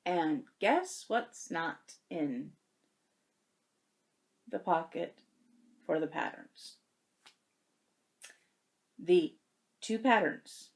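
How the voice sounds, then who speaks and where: A young woman vlogging about cross-stitch, telling a story in a chatty, animated way and getting emotional. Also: fairly low pitch, extremely slow, vocal fry, long pauses. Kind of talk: casual chat to camera.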